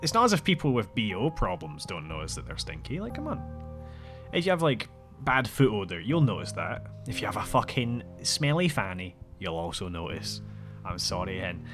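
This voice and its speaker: A man's voice: fairly low pitch, sing-song, normal speed, a bit bright, faint music behind. A man hosting his own podcast, telling rambling, profane, wry stories in a casual way. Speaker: podcast host. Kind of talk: casual solo storytelling.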